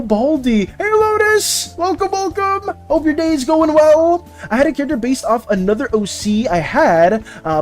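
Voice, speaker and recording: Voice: sits high, a little mellow. An art streamer chatting casually and rambling while working and reading chat on a live stream.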